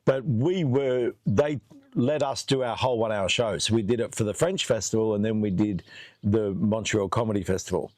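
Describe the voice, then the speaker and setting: A man's voice: lowish voice, moderate pace, no echo. A man hosting a casual chat, telling a long funny story with lots of laughing. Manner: animated storyteller doing voices, laughs often. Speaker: host. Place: outdoors under a tree.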